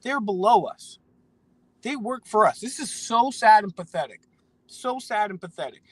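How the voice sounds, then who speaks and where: American guy ranting live, fairly high voice, dry close sound, keeps restarting his sentences. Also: expressive, normal speed, husky, no echo, poor audio. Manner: indignant, repetitive, stumbling restarts. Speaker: live stream co-host. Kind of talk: heated political rant on a live stream.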